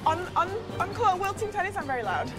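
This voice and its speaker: A woman tennis player giving short, playful answers in a quick-fire question game. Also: very high-pitched, very animated, music in the background.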